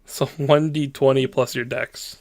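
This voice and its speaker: A man's voice: medium pitch, fairly even intonation, measured pace, a little mellow, a little hiss or hum. A man narrating as game master in a loose, casual way with lots of fillers.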